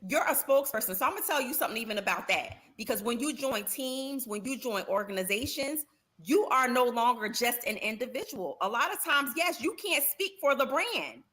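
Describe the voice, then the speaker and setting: Measured woman arguing on a panel. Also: a little high, animated, pushed and bright. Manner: measured, reasoning, persistent. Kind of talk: panel debate.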